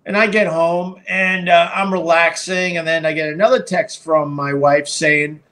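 A man's voice: fairly high pitch, little pitch movement, normal speed, hardly any pauses, bright, forceful tone. A middle-aged man hosting a live stream, telling a story casually with a rambling, profane delivery full of fillers and restarts. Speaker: podcast and live stream host.

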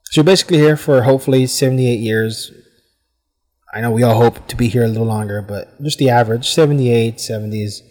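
A man from the United States hosts his podcast, musing aloud in a loose, rambling way and filling pauses with "I mean." His voice sits at an ordinary middle pitch for a man. It carries a long reverb tail, as if he were speaking in a large, echoing space. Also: a little mellow. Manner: rambling, thoughtful, many "I mean" fillers. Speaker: podcast host. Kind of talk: casual reflective monologue. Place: hot room at home with fans running.

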